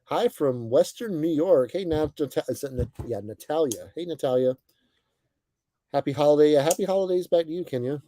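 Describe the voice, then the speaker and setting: A young man hosting a casual livestream, greeting viewers by name and chatting in a relaxed, friendly way with plenty of fillers. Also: on the high side, normal speed. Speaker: livestream host. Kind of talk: casual chat reading viewer comments. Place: bus, indoors.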